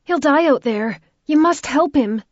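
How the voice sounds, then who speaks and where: A woman's voice: high-pitched, expressive, a little slow, dry recording, lo-fi sound, pitched above the performer's own voice. A woman voicing a frightened young woman who pleads for help. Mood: desperate.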